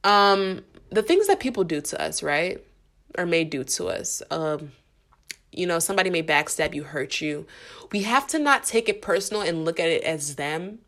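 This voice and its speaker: A woman's voice: lowish voice, expressive, normal speed, fairly bright tone. A woman hosting a faith-based podcast in casual, earnest talk, using slang, repeating herself and speaking straight to her listeners. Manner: earnest, repetitive, slangy, addresses listeners directly. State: getting emotional. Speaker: podcast host.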